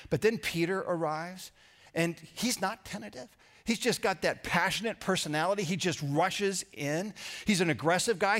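A man preaching a sermon, who swings from loud emphatic lines to hushed ones and sometimes repeats words mid-sentence. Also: fairly high pitch. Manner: dramatic shifts between loud emphasis and hushed quoted lines; repeats words when searching for them. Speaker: pastor.

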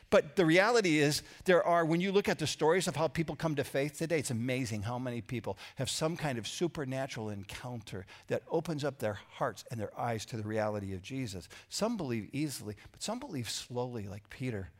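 A man preaching a sermon, who swings from loud emphatic lines to hushed ones and sometimes repeats words mid-sentence. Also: on the high side, animated, a little fast. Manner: dramatic shifts between loud emphasis and hushed quoted lines; repeats words when searching for them. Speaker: pastor.

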